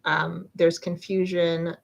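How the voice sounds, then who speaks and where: A woman's voice: fairly low pitch, flat delivery, slow, vocal fry, highs cut off. Chatty woman tarot reader, rambling. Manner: chatty, rambling, many fillers and self-interruptions, laughs often. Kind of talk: live-stream tarot reading, casual chat.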